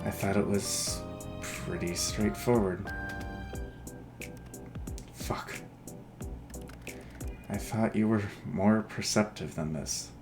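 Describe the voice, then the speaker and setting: A man voicing a brooding, flirtatious male grim reaper in a dating game, with a low, teasing delivery. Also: slow pace, long pauses, a little mellow, soft background music. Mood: guarded. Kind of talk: voiced dating-game dialogue.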